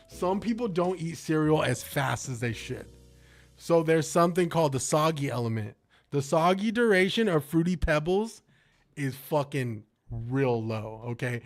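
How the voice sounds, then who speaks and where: A young man streaming, chatting casually and excitably with his chat, full of slang, swearing and jokes. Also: a little high.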